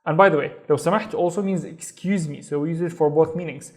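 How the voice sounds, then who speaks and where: A man teaching a recorded lesson, slowly repeating each word and phrase for learners. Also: a little high. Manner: slow, clear, repeats words for learners. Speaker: Arabic teacher.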